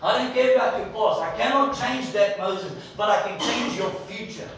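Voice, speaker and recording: A man's voice: fairly high pitch, animated, quick pace, slight background noise, close to an everyday voice. A man preacher voicing God, reassuring and promising support. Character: reassuring, calm divine male voice. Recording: echoey church from a distant mic.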